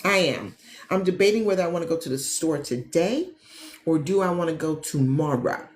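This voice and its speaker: This Midwestern livestream host from Gary, Indiana has a low voice and a moderate pace. She chats warmly and animatedly with her viewers, calling them "y'all," drawing on her work as a travel agent and business coach; the room echoes slightly with faint ambience.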